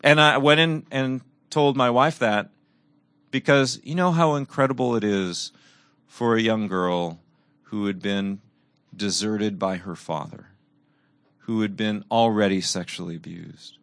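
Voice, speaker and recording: A middle-aged man preaching a sermon and telling personal stories, earnest, moving between raised emphasis and soft, quiet reflection. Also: lowish voice, measured pace, dry recording.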